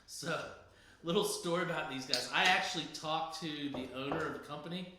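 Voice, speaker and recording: A man's voice: a little high, fairly quick, noisy background. A man co-hosting a casual drinks podcast, chatting in a rambling way with plenty of restarts. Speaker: podcast co-host. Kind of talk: casual beer tasting chat. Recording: very echoey room.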